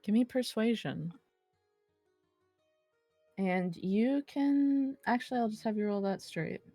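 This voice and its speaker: A woman narrating as game master, playful and quick to laugh as she teases her players. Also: on the high side, mellow, dry recording, faint music behind.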